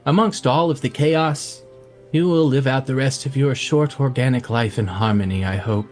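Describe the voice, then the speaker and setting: Man playing a formal robot creature, earnest and gentle, faint music underneath. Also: mid-range voice, natural voice. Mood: tender. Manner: formal, measured, emotional.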